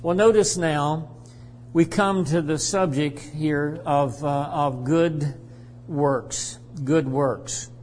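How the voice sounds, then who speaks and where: A man preaching in a slow, deliberate voice that sits a little high for a man. He teaches from scripture and keeps coming back to his key phrases. The sound carries a long church reverb with a faint hum underneath. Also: a little mellow. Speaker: pastor. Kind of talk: sermon.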